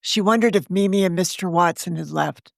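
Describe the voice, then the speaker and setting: A woman author narrating her own story in a measured, wry storytelling manner. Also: lowish voice, gravelly, no room sound, studio quality.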